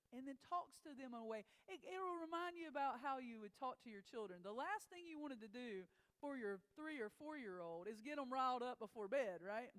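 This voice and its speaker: A woman preaching a sermon in a church, conversational, asking the congregation questions and reading scripture slowly. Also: high-pitched. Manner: reads scripture slowly and deliberately. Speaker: pastor. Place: church sanctuary.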